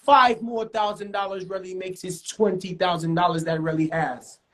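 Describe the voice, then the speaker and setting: A man telling a comic street story, animated and repetitive with dramatic outbursts. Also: sits high, moderate pace. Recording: roomy echo.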